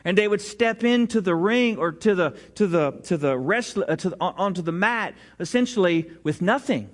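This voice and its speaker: A man preaching a sermon in a conversational way, often restarting his sentences and sometimes dropping suddenly to a quiet voice. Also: high-pitched, expressive, moderate pace. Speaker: pastor. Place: church sanctuary.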